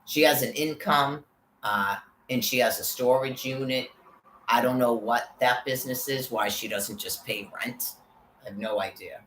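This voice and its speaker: A woman vlogger with an extremely low, slightly bright voice tells a rambling, profane story about being harassed, sounding agitated. The personal rant is recorded in a roomy space with faint background noise.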